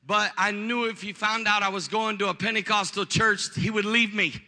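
A woman's voice: mid-range voice, steady tone, moderate pace, bright, forceful tone. A preacher quoting a worried young woman in an echoey hall. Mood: insistent. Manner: worried, insistent. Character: anxious young woman, wary of church.

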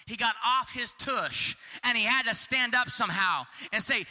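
A man preaching a sermon with passion, repeating himself and acting out shouted pleas. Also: sits high, animated, moderate pace, few pauses, big-room sound. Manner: impassioned, repetitive, acts out shouted pleas.

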